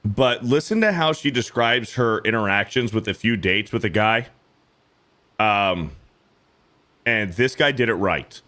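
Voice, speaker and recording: A man hosting a casual podcast chat, talking bluntly with lots of swearing and mimicking others in high mocking voices. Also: animated, measured pace, sharp tone. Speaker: podcast host.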